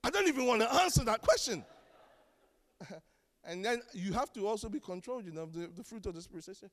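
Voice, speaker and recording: A man preaching a sermon as pastor, animated and joking, acting out the voices of the people he quotes. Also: sits high, brisk, in a large hall. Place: church.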